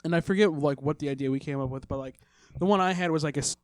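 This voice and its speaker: A young man from Maryland with a fairly high voice, co-hosting a loose, profane podcast chat. He laughs a lot and jumps between stories. The sound is dry, with no room echo. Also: quick pace. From Maryland, USA. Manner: laughs often, profane, joking. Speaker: podcast co-host. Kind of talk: casual chat.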